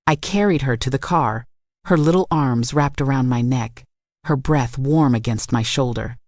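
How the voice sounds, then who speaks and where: A woman with a low voice reads a scripted first-person story about her family, steady and reflective at a moderate pace. The recording is dry and close, with no room sound or echo.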